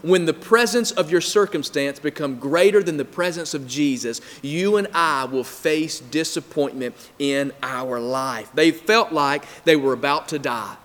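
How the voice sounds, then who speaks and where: A man's voice: a little high, unhurried, hardly any pauses, fairly bright tone. A male pastor preaching a sermon in an emphatic, repetitive rhythm, speaking in a church hall. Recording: long hall reverb.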